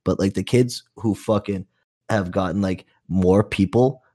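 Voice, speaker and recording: A man's voice: sits low, unhurried, warm tone. A young man, a youth program counselor, telling profane stories in a rambling casual chat full of "like" and "dude".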